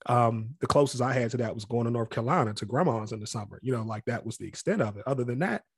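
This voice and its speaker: Fast and husky with vocal fry, this mid-range male voice belongs to an interview guest past college age from the Capitol Heights area near Washington, D.C. He tells his story candidly and reflectively, often acting out other people's voices, in a dry, studio-quality recording.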